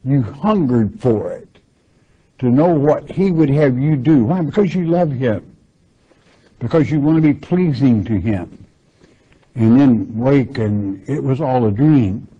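A man's voice: medium pitch, animated, measured pace, breathy edge. A man teaching verse by verse through a Bible passage, reading scripture aloud and then explaining it plainly. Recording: dull lo-fi recording.

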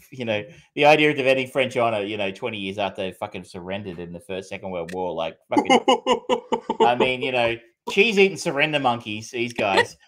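A man's voice: mid-range voice, fairly quick, a bit bright. A man co-hosting a film podcast, chatting casually with many fillers, restarts and the odd swear word. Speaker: podcast co-host. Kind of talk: casual film review chat.

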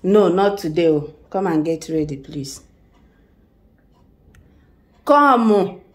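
Nigerian mom vlogger, unhurried delivery, playful coaxing tone, casual at home. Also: female voice, fairly low pitch, animated, low-quality recording. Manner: coaxing, playful, laughs often. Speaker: family vlogger, mother.

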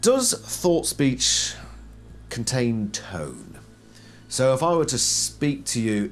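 Man, video essayist, low-pitched and animated, casual explainer with rhetorical questions. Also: slow, soft background music. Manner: animated, poses rhetorical questions then answers them.

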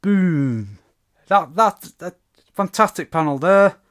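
A man's voice: high-pitched, expressive, takes it slowly, fairly bright tone. A man giving a casual spoken review of a comic book issue, rambling with many fillers and restarts.

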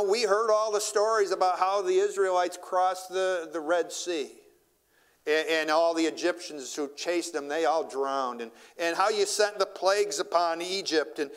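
A man preaching a sermon in a church, reading scripture aloud and then paraphrasing it in plain everyday words. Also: high voice. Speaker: pastor. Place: church sanctuary.

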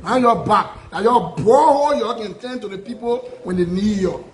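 The high-pitched man, a Liberian calling himself a prophet, pours out an impassioned address built on repeated, aggrieved rhetorical questions in a Liberian English accent. He speaks at a normal pace, and the poor audio has room echo and slight background noise.

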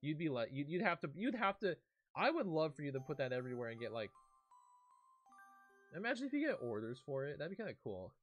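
A man's voice: on the high side, sing-song, quick pace, dull audio, soft background music. A young man streaming a game, reading a storybook aloud and often breaking off to chat and react.

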